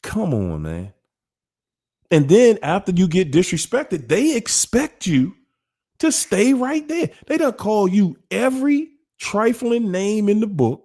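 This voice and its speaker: A man's voice: high voice, big pitch swings, slow, dark tone. A man, hosting a casual monologue about relationships in an emphatic, repetitive, preachy way. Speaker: host.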